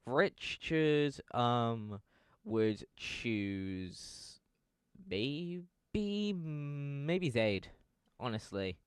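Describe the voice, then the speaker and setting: A man's voice: lowish voice, slow, smooth, dry recording, studio quality. A young man giving casual fan commentary, rambling and correcting himself with lots of fillers.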